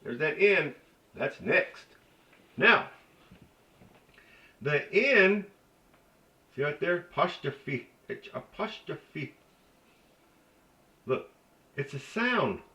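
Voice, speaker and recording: A man's voice: sing-song, very slow, long pauses, sharp tone. A man giving an informal language lesson in a folksy, chatty way, repeating sounds over and over to show how they are said. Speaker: language teacher. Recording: roomy, distant, dull low-fi sound.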